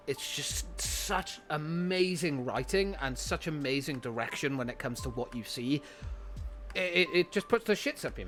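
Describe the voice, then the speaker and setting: A man's voice: a little high, a bit bright. Chatty man gushing about anime. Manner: chatty and enthusiastic, swears freely, thinks aloud. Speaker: streamer. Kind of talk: casual chat reviewing an anime list.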